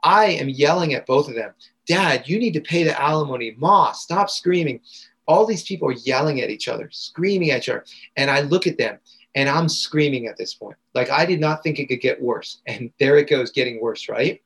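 A man's voice: mid-range voice, lively intonation, brisk, creaky, a bit bright, breathy edge, low-quality recording. A young man, a guest coach, retelling a painful personal experience in an intense, raw and vivid way. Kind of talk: emotional personal storytelling.

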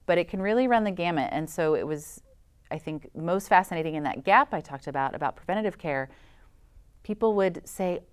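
Smooth-voiced woman explaining with enthusiasm. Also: on the low side, animated, a little fast. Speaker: voice specialist guest. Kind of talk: interview, explaining.

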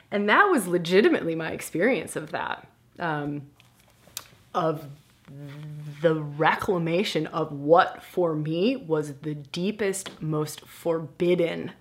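A woman in a podcast conversation, telling a candid personal story in an animated, self-mocking way and swearing now and then. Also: low-pitched, gravelly.

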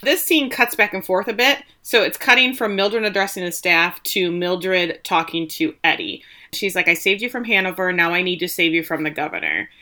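A woman chatting through a TV episode recap in a relaxed, conversational way, her voice bright and forward. She slips into quick character voices when quoting lines, and her pitch sits a little low for a woman. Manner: animated, quotes characters in lively voices. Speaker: podcast co-host recapping a TV episode. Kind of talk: casual chat recap.

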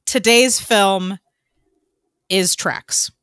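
A woman co-hosts a casual podcast in a mid-range, slightly bright, clean-toned voice, drawing out her words. Her chat is loose and talkative, full of ums with the occasional swear word, and the studio sound is clean with no echo.

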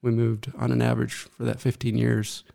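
Gravelly middle-aged guy, dark low tone, earnest, halting, telling his life story in an interview. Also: completely flat delivery. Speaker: guest.

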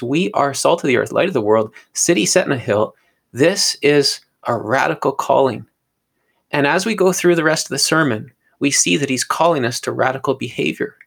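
A man's voice: medium pitch, vocal fry, fairly bright tone, slightly rough. A man teaching on a podcast in an earnest, sermon-like way, often stumbling and repeating words. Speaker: podcast co-host teaching on scripture.

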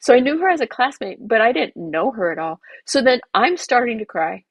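A woman's voice: on the high side, big pitch swings, brisk, no echo. A woman, a garden designer and podcast guest, telling an emotional personal story with many asides.

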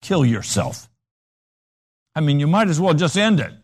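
A man's voice: fairly high pitch, quick pace. A man preaching a sermon with dramatic, emphatic storytelling.

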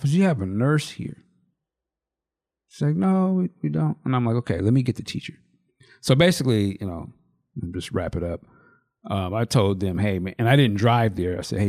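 A man's voice: medium pitch, darkish tone. A man in his thirties, a podcast co-host, telling a story in loose, rambling casual chat.

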